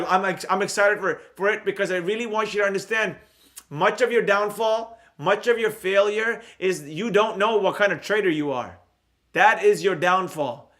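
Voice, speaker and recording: A man hosting his own live stream on trading, chatting loosely and answering viewer comments in a rambling, energetic way. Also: high voice. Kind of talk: casual live-stream chat reading comments.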